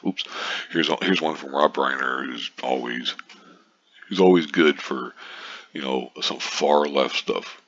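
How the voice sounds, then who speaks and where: Super deep raspy dude ranting, sarcastic and swearing a lot, kinda sharp tone. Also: male voice, measured pace, highs cut off. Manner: profane, sarcastic, reads out posts and scoffs. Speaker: commentator. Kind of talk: casual political rant.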